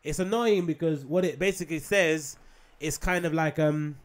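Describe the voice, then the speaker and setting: A man's voice: on the high side, moderate pace. A man hosting a solo podcast, rambling casually with frequent ums, swearing and rhetorical asides. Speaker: podcast host.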